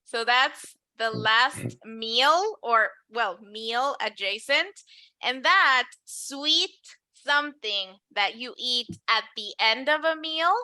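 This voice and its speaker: Woman, English teacher, patient explanations, crisp bright tone. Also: on the high side, lively intonation, takes it slowly, no echo. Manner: clear, patient, switches to Spanish to explain. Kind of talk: online English lesson.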